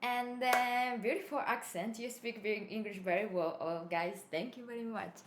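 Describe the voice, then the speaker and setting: A woman whose first language is Japanese chats on a live stream in a fairly high, giggly voice. She mixes in Japanese phrases as she talks. The room is echoey, with a faint ambient hum behind her. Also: fairly even intonation, moderate pace. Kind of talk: casual live-stream chat.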